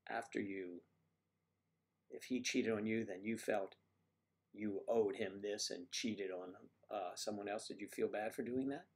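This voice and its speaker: A man hosting a casual livestream, rambling and joking as he answers viewers' comments. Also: lowish voice. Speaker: livestream host.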